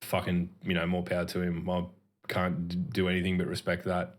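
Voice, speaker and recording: A very low-pitched Australian man chatting casually on a gaming podcast. He rambles along in a relaxed, sweary way, full of restarts and asides. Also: brisk. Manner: sweary, laid-back, rambling. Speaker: podcast host. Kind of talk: casual chat.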